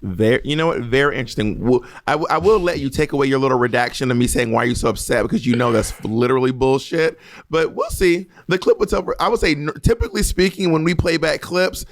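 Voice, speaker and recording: A man's voice: fairly high pitch, fast talker, hardly any pauses. A man co-hosting a podcast in casual chat, teasing and needling his partner. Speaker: podcast co-host.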